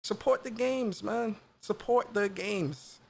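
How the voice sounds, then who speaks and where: A man with a notably high-pitched voice talks through a game reveal in loose, slangy commentary. He gets excited and circles back on his own phrases again and again, like a gaming channel host chatting with viewers. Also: slow pace, vocal fry. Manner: slangy, excited, repeats himself. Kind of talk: casual reaction commentary.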